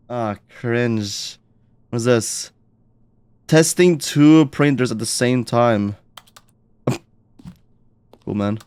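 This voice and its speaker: A young man streaming a game in excitable, stammering casual commentary, with frequent swearing and repeated words. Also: medium pitch, slow, long pauses, clear, resonant tone, no echo.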